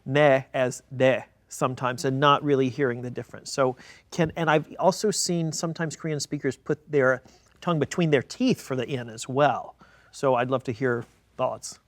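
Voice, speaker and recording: A man's voice: mid-range voice, steady tone, normal speed, no echo. A man moderating a diction panel in a studio, posing questions and summarizing points. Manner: inquisitive, poses questions. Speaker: moderator, researcher. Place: video studio.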